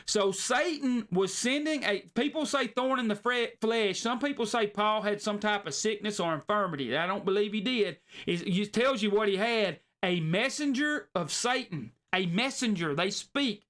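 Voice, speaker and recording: A man preaching a sermon in an earnest, folksy way, slowing down to stress his points. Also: high-pitched, fairly bright tone. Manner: folksy, earnest, slows down for emphasis.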